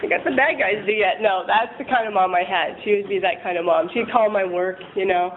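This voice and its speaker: A woman's voice: medium pitch, a little fast. A woman candidly sharing a rambling, self-deprecating personal recovery story, laughing often. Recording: tinny phone-like line with faint noise.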